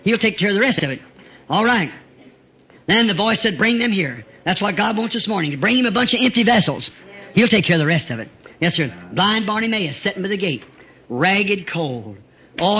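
A man preaching a revival sermon, fervent, rising to shouts and chuckling between phrases, on a lo-fi old tape recording. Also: high voice, expressive, moderate pace.

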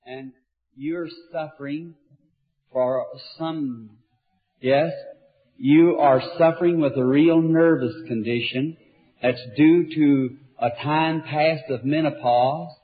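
Male evangelist, healing-service preacher, earnest and soft-spoken, tinny archival sound. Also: fairly high pitch, steady tone, slow pace. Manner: gentle, earnest, talks directly to each person. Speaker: evangelist leading a healing line.

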